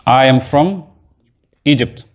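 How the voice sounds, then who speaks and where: A man teaches a beginners' class in a mosque classroom, his voice sitting at an everyday middle pitch. He explains each point step by step and keeps stopping to quiz his students. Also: takes it slowly. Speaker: Arabic teacher. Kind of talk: classroom lesson.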